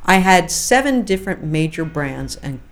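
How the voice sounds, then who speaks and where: A middle-aged woman, a fashion journalist being interviewed, telling lively anecdotes with frequent asides. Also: on the low side, moderate pace. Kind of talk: conversational interview storytelling.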